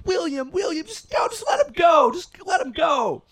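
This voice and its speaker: A man's voice: very high-pitched, sing-song, moderate pace, a bit bright, raised voice, pitched above the performer's own voice, exaggerated voice. A man shrieking as a frantic, hysterical mother. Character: his frantic screaming mother, middle-aged woman.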